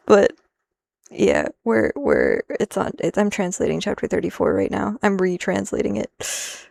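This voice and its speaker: Woman with a gravelly voice, thinking aloud. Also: medium pitch, wildly swooping pitch, unhurried, a little mellow, dry recording. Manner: rambling, self-interrupting, easily sidetracked; mixes in Japanese phrases. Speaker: streamer translating manga. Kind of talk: live stream, thinking aloud while working.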